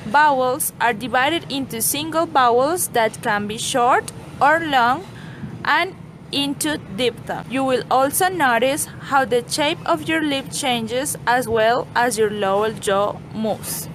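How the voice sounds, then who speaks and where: A woman with a fairly high voice narrates a scripted pronunciation lesson. Her delivery is steady, measured and explanatory, with a faint hiss of noise behind her. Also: low-quality recording. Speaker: pronunciation teacher.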